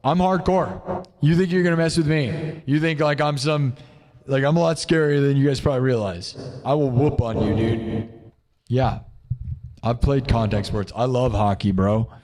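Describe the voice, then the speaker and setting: A man's voice: mid-range voice, normal speed, darkish tone. A man from Iowa in his thirties with a sore throat, chatting casually and boastfully on a livestream, saying dude and bro. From Iowa, United States. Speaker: livestream music host.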